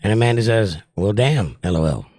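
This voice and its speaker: On his casual livestream, a man reads out viewers' comments and jokes in reply, sounding strained and short of breath. His fairly low, slightly mellow voice moves briskly with lively intonation, and there's no room sound.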